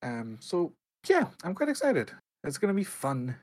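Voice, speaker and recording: A man co-hosting a gaming podcast, chatting casually and quickly, often laughing. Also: on the high side, wildly swooping pitch, darkish tone. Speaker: podcast co-host.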